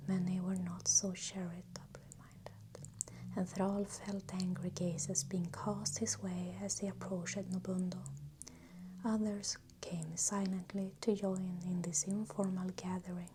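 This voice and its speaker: A woman reading a fantasy novel aloud close to a new microphone, in a soft, unhurried whispered role-play. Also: on the low side, level tone, noisy background. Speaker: ASMR reader.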